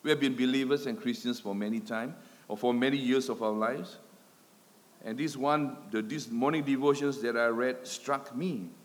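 A man's voice: mid-range voice, steady tone, normal speed. A man preaching a sermon, swelling and dropping his volume with emphatic repetition, in a church hall. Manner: dramatic swells and drops in loudness, emphatic repetition. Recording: long hall reverb.

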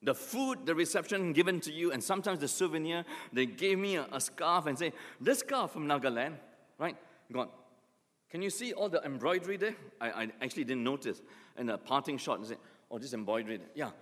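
Animated pastor in a reverberant hall. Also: male voice, on the high side, a little fast. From Singapore. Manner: animated storytelling with acted asides. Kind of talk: sermon.

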